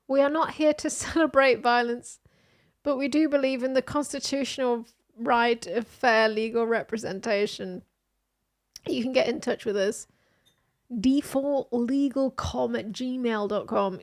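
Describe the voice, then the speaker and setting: A woman streamer reading news posts aloud and reacting in a casual, animated way, with exclamations. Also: a little high.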